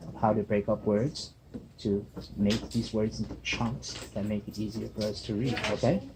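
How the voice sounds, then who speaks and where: A man with a fairly low, steady voice and a moderate pace teaches reading one-on-one as a student teacher. Working patiently at a table at the back of a busy classroom, he frequently checks in with "okay?" and "right?". The background is noisy with classroom chatter.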